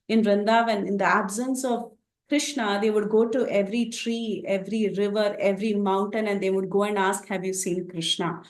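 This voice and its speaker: A woman's voice: mid-range voice, a little mellow, poor audio. A woman teaching a scripture class, telling the story expressively with frequent fillers.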